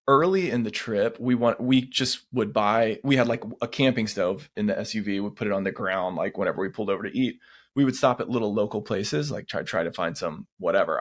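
A man, co-hosting a podcast and telling stories in animated casual chat, acting out the lines of the people in them. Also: mid-range voice. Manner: animated storyteller who acts out quotes. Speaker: podcast co-host.

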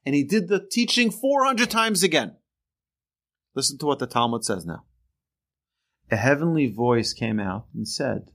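A man teaching a religious lesson through earnest, animated storytelling. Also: medium pitch, moderate pace, pauses often.

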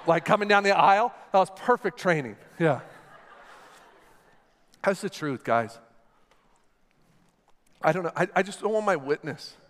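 A man preaching a sermon in a church, talking in an animated, conversational way while he acts out a scene with a volunteer on stage. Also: high voice, measured pace, long pauses. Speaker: pastor. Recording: long hall reverb with faint music.

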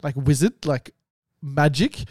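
A man's voice: on the high side, measured pace, darkish tone, dry recording, clean studio sound. An Australian man co-hosting a podcast who talks bluntly, swears and teases the others. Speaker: podcast co-host. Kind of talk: casual chat.

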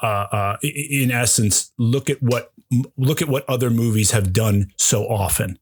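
Husky, effusive man gushing about a film. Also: medium pitch, normal speed. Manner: effusive and emotional, tumbling restarts. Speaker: podcast host. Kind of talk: casual film discussion.

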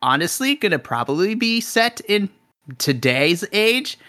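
Laughing enthusiastic game master. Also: male voice, high voice, sing-song, a little slow, pushed and bright. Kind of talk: running a tabletop game session on a podcast.

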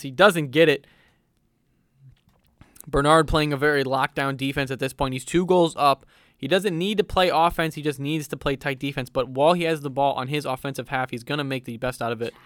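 A man's voice: on the high side, a bit bright, clear, resonant tone, dry recording, studio quality. A young man doing playful mock sports commentary on a football video game, in a mock-serious broadcaster tone with fillers.

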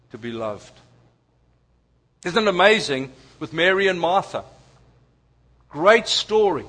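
Preacher guy telling stories from the pulpit, chatty asides, slightly higher voice. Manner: storytelling, animated asides to the audience. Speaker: pastor. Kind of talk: sermon.

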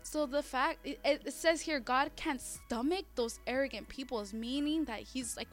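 A woman talks through faith in a relaxed, animated way. She often restarts her sentences. Her voice sits fairly high, with soft music faintly behind her. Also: normal speed. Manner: animated, acts out quotes, frequent restarts. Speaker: co-host of a faith discussion. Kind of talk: casual faith discussion.

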